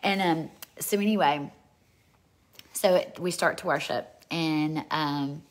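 A woman's voice: deep voice, takes it slowly. A woman minister telling a story casually, gushing and rambling with lots of fillers.

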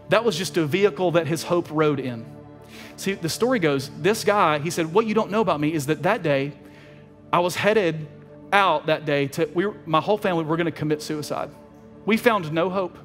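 High-voiced pastor in a reverberant church. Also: male voice, brisk, a bit bright, soft background music. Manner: earnest, emotional storytelling with repeated phrases. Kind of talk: sermon storytelling. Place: church sanctuary.

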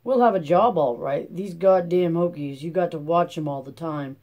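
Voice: mid-range voice, moderate pace, darkish tone, lightly acted. A reader playing a sneering camp guard. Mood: scornful. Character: contemptuous, gruff male camp guard.

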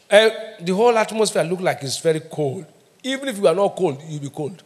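A middle-aged Nigerian man preaching with emphatic call-and-response. His voice sits high for a man. He drives each point home and asks the congregation to answer. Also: lively intonation, fast talker. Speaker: pastor. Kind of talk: sermon.

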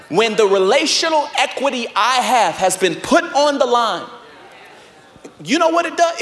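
Young pastor, preaching in an echoey hall. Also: male voice, high voice. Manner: swings from loud exhortation to hushed, soft storytelling. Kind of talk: sermon. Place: large church auditorium. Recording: live sermon with echoey hall.

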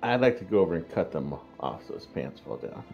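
Low-voiced, mischievous male player. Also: sing-song, brisk, vocal fry, muffled recording, soft background music. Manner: mischievous, rambling questions.

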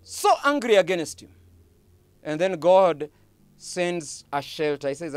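Emphatic preacher with lively pitch. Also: male voice, slow, pauses often, clear, resonant tone, no echo. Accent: Kenyan English. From Kenya. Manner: emphatic preaching with repeated phrases. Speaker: pastor. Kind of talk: sermon.

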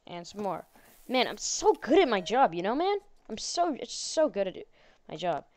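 A woman's voice: medium pitch, sing-song, moderate pace, a little mellow. A woman playing a horror game and commenting on it, sarcastic and jokey, chatting to the characters on screen. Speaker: gaming channel host.

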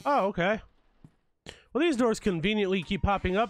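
A man's voice: high voice, animated, normal speed. A man commentating a horror game as he plays, jumpy and swearing a lot, joking through his fear. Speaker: let's play gamer.

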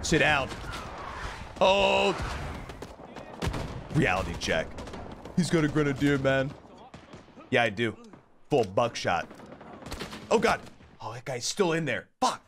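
A man commentating his own gameplay, excitable and joking, who swears and swings between yelling and mumbling. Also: medium pitch, takes it slowly, vocal fry, long pauses, noisy background. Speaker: gaming YouTuber. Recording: game gunfire and explosions behind the voice.

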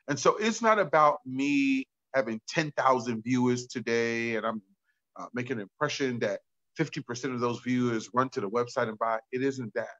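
Bright-voiced pastor telling stories. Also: male voice, medium pitch, moderate pace. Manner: excitable, talkative, acts out quotes. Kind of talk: animated storytelling in a chat. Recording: dull lo-fi sound.

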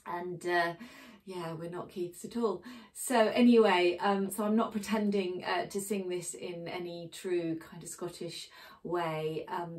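A woman's voice: lowish voice, a little mellow. Chatty English woman teaching a song. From England. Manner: chatty, with frequent ums and uhs. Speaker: singing teacher. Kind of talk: casual spoken singing lesson. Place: home in a village.

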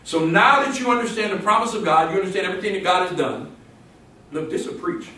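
A man's voice: sits high, fast talker, sharp tone. A man preaching a sermon in church, quoting scripture and building to emphatic exclamations with call-and-response. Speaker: pastor. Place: church sanctuary. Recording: echoey church room from a distance.

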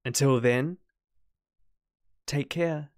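A man reading out the lines of an obsessive young village woman from a farming game, in a put-on voice that is soft and syrupy but can turn low and menacing. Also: drawn-out words, no room sound, clean studio sound. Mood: ominous. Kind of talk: reading game dialogue aloud in character.

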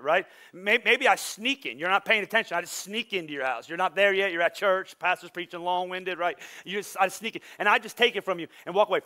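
A male pastor delivers a casual, humorous sermon with a high, bright voice. He talks to his congregation like friends and acts out their excuses in mock voices. The delivery sounds like a modern church talk. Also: fairly quick. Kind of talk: conversational sermon.

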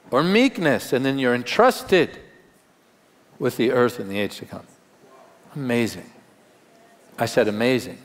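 Man preaching in a reverberant hall. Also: high-pitched. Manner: conversational, emphatic preaching with wry humor. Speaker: pastor. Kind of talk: live Sunday sermon. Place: large church auditorium. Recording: long hall reverb in live church.

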